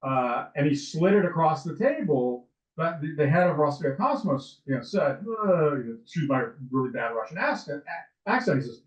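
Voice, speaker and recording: A man's voice: fairly high pitch, big pitch swings, moderate pace. A man in his sixties, a lawyer and interview guest, telling stories in a rambling way with many restarts and fillers. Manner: rambling, with frequent restarts and ums. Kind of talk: casual interview storytelling. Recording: distant, roomy, dull sound.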